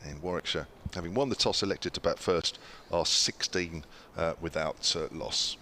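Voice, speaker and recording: A man calls cricket ball by ball in an easy, chatty way, and his voice sits very low. He pauses often on little fillers between deliveries, and a faint hum of the ground stays behind him. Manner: relaxed, chatty, frequent "uh" fillers. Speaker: cricket commentator. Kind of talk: ball-by-ball radio commentary.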